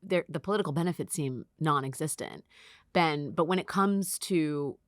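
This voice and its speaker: A woman's voice: deep voice, normal speed, dry recording, clean studio sound. Sarcastic woman hosting a podcast. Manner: sarcastic, profane, animated. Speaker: podcast host. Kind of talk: casual political chat.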